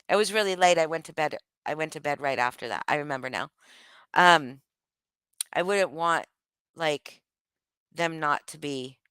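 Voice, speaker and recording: A woman with a low, smooth voice talks in a loose, rambling vlog monologue. She is blunt and swears freely, often restarting her sentences. The sound is dry and close, with no room echo. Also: fairly bright tone. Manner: candid, profane, rambling with many restarts. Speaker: vlogger.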